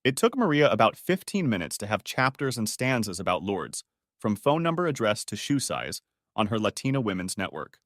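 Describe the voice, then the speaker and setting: A man reading a first-person audiobook story in a steady storytelling manner. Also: fairly low pitch, fairly quick, no echo, studio quality. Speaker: narrator. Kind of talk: scripted audiobook narration.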